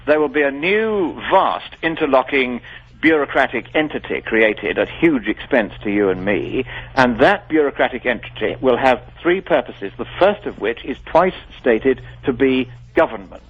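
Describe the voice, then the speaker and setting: A man's voice: mid-range voice, animated, moderate pace, slightly rough. A man being interviewed on the radio, speaking in an articulate, formal and emphatic way. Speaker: guest. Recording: dull lo-fi radio broadcast.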